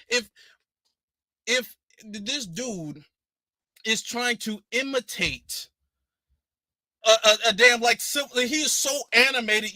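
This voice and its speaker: A man's voice: very high-pitched, bright, forceful tone, dry recording. A man hosting a livestream in a casual commentary style. He is emphatic and indignant and repeats his points. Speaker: livestream host.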